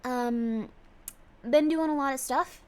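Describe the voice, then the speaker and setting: Woman, streamer, casual livestream chat, bubbly, effusive, higher pitch. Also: takes it slowly, darkish tone, clear, resonant tone. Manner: bubbly, effusive, gushing praise.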